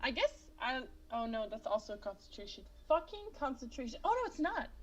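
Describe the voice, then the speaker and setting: A woman playing in a tabletop game, excitable and swearing freely, laughing a lot. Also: fairly high pitch, fairly quick. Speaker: player. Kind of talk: casual tabletop play.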